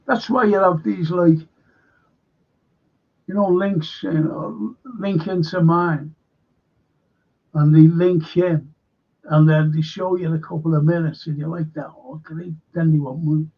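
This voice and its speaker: Male stream host, slow, gravelly indignant rant, muffled lo-fi audio. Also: a little high, steady tone. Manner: rambling, indignant, swearing, reads viewer comments aloud. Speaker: show host. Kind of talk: casual livestream rant.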